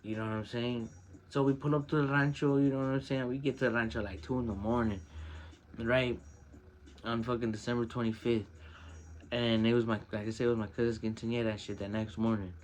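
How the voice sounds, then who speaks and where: A podcast host on his own show tells a personal story in casual, profane street slang, getting animated whenever he quotes someone. His voice is medium in pitch and a little fast.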